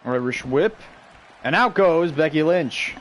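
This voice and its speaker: Excitable man calling game wrestling. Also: a little high, measured pace. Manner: excitable, shouts the big moves, chats with viewers between calls. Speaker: stream host and play-by-play commentator. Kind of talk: casual video game wrestling commentary.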